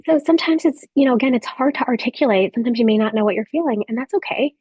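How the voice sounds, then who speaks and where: A woman in her thirties giving a gentle motivational talk to a live audience of mothers, speaking softly with reflective pauses. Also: a little high, breathy edge, no echo, lo-fi sound. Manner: soft, warm encouraging delivery with reflective pauses.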